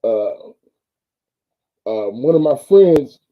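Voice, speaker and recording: A man's voice: medium pitch, expressive, drawn-out words, warm tone, low-quality recording. A man who coaches football, talking sports in an easygoing way and often saying "man" and "bro". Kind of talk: casual sports talk.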